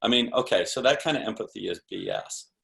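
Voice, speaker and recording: A man's voice: on the low side, huge pitch swings, fairly quick, creaky, a bit bright. A man speaking as a sales expert guest in a podcast interview, explaining in an emphatic, punchy coaching tone with rhetorical questions.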